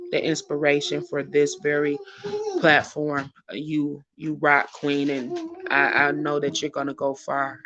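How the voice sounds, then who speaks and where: A man hosting a live online show. He sounds tearful and emotional, speaks with preacherly urgency, repeats phrases, and gives casual shout-outs. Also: a little high, creaky. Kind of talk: emotional livestream talk and exhortation. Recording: dull lo-fi stream audio.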